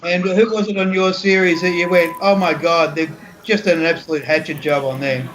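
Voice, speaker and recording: A man's voice: on the high side, flat delivery, a little fast, background noise. A man hosting a casual panel chat, asking questions in a light, joking way. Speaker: host.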